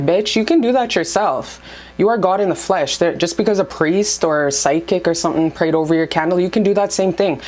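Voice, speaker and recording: A woman's voice: low voice, darkish tone. A young woman giving casual spiritual advice to her camera at home, blunt and profane, and heated in bursts. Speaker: spiritual vlogger.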